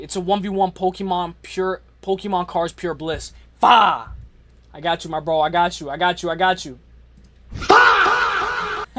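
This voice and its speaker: Male streamer, high voice, dry close sound, loose slangy chatter. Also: no echo. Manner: slangy, rambling, shouts out chatters. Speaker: livestream host. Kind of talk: casual livestream chat.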